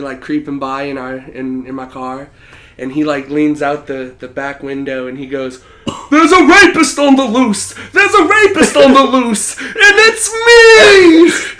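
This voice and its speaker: A man's voice: medium pitch, a little hiss or hum. A young man co-hosting a podcast, telling a story in a laid-back, profane way and laughing as he goes. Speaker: podcast co-host. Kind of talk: casual storytelling.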